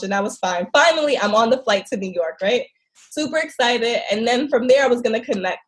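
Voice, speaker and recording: A woman guest in a casual interview, telling travel stories in an animated, expressive way and laughing often. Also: mid-range voice.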